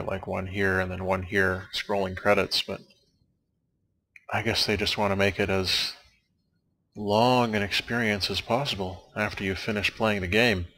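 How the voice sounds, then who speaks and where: A man's voice: fairly low pitch, fairly bright tone, a little hiss or hum. A young man casually rambling as a let's play commentator, making wry, dry jokes and wandering off on asides. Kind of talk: casual rambling commentary over game credits.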